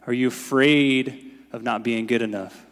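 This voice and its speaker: A man's voice: mid-range voice, steady tone, unhurried, fairly bright tone. A man preaching a sermon as pastor in a casual, conversational way, often saying "like". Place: church sanctuary. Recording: long reverb in a large hall.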